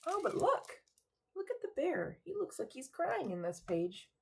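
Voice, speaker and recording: A young woman teacher reading a picture book aloud to children in a rhythmic, expressive way, pausing to ask them questions. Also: high-pitched, vocal fry. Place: cozy room at home.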